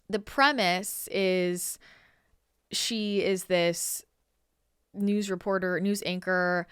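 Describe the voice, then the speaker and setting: A Northern California woman who is a channeler hosts her show, rambling chattily through a story full of "like" and "you know." Her mid-range voice has a fairly bright, clean tone, recorded with studio quality and no room sound.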